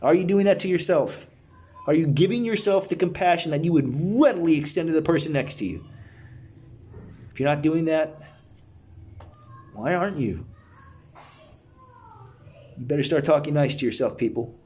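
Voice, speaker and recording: A man's voice: on the high side, normal speed, long pauses, dark tone. A man leading a guided breathwork session, earnest and encouraging, talking in a casual, slangy way to his listeners. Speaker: breathwork facilitator.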